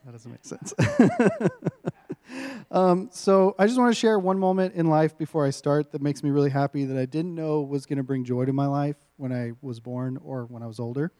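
Warm-voiced joking man preaching. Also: fairly high pitch, big pitch swings, moderate pace. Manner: joking, laughs often between lines; informal and self-mocking. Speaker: guest preacher. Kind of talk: sermon.

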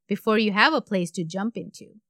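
A woman from India hosting a podcast, telling a true crime story in an animated, conversational way. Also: medium pitch, fairly quick, no echo, studio quality. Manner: animated, conversational, trailing off at phrase ends. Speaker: podcast host.

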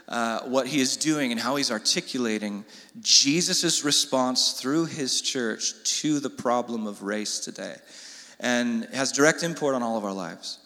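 A man's voice: on the high side, bright, forceful tone. Casual man announcing in a church hall. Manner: casual, filler-heavy. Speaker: church host introducing speaker. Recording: hall reverb with audience.

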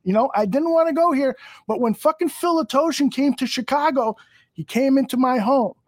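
A man's voice: very high-pitched, moderate pace, no echo. A man hosting a podcast, ranting angrily and profanely with many restarts. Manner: angry, profane, rambling with restarts. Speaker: podcast host. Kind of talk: heated podcast rant.

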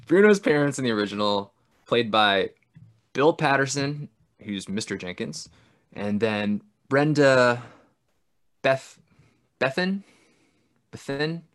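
A man chatting casually as a podcast co-host, full of enthusiasm. He laughs often and drops casual swears as he talks. His voice sits at an ordinary middle pitch. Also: lively intonation, slow, long pauses. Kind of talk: casual film discussion.

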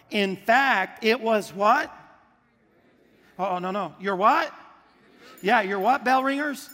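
A male pastor preaching a sermon to a congregation, lively and drawing the crowd into call-and-response. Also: high-pitched, in a large hall. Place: church auditorium with congregation.

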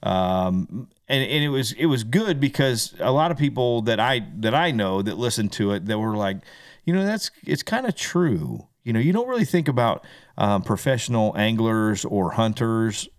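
A man's voice: lowish voice, expressive, moderate pace, clear, resonant tone, dry recording, studio quality. A man co-hosting a podcast, a musician talking in a rambling, easygoing way. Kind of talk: casual chat.

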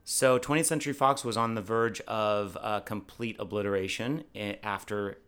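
A man's voice: on the low side, fairly even intonation, moderate pace, fairly bright tone, clear, resonant tone. An American man co-hosting a podcast, chatting casually and enthusiastically, often restarting his sentences. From United States. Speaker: podcast co-host. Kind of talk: casual chat.

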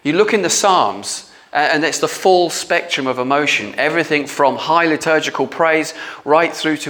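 A man's voice: fairly high pitch, moderate pace, a bit bright. A man preaching a conversational sermon, talking in a chatty, informal way with filler words.

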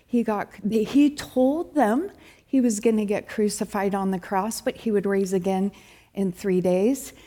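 Mellow-voiced woman preaching a sermon. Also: unhurried. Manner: animated, acts out quoted complaints with sudden high bursts. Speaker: church speaker.

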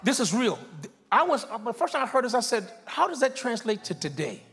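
High-voiced preaching man, shouting at times. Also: sing-song, fairly quick, vocal fry. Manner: preaching with call-and-response, rising to shouts. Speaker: pastor. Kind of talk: sermon. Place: church sanctuary before a congregation.

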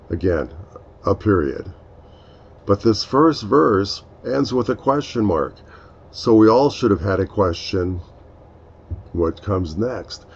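A man with a lowish voice hosts a reflective devotional talk. He speaks very slowly and earnestly and explains each point with care. The sound is dull and lo-fi. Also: lively intonation, vocal fry, slightly rough. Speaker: podcast host.

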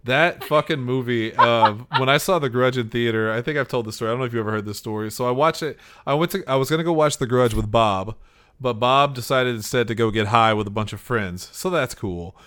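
A man of ordinary pitch chats loosely on a podcast, drifting from point to point as he tells a story. He swears casually and talks in a relaxed, conversational flow. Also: brisk, smooth. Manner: rambling storyteller, swears freely. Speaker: podcast host.

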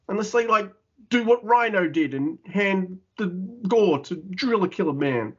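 A man's voice: high voice, expressive, unhurried, husky, highs cut off. A man co-hosting a podcast, ranting in casual wrestling chat, exasperated and swearing a lot. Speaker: podcast co-host.

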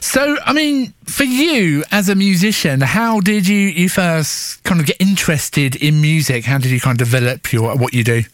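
A male radio presenter hosts a relaxed interview. His voice sits a little high for a man and sounds close and dry. He agrees readily and softens his questions with "I suppose" and "kind of". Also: moderate pace, few pauses, no room sound. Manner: affable and agreeing, hedges with "I suppose".

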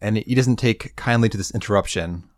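A man co-hosting a podcast walks through the quest in a dry, understated way. His voice is somewhat low, and it is recorded close and dry. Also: brisk, no room sound. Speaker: podcast co-host. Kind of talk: casual chat recapping a game questline.

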